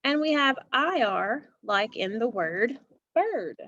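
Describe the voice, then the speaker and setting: A woman's voice: a little high, very animated, takes it slowly, a bit bright, highs cut off. A woman teacher giving a phonics lesson to a class, speaking patiently and asking her students questions.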